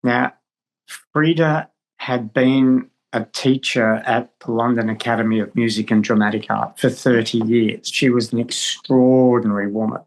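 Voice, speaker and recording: An older actor, a man, telling stories as a podcast guest, halting and restarting as he goes, heard over a video call. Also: mid-range voice, steady tone, rough recording. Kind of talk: storytelling in conversation.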